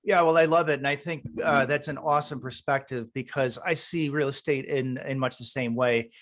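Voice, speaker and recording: A man's voice: mid-range voice, steady tone, moderate pace, fairly bright tone. A man hosts an interview podcast, upbeat and encouraging with his guest. He has an ordinary mid-range male voice and often breaks into laughs between his questions. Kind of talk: casual interview.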